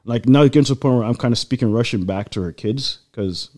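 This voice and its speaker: A man in casual chat, telling a long personal story in a rambling, animated way with lots of fillers. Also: medium pitch, fast talker. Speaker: guest.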